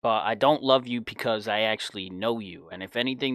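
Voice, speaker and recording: A man's voice: lowish voice, brisk, hardly any pauses, fairly bright tone. A young man in his twenties telling a personal story in a casual, blunt, profane way. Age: 20s. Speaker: podcast host.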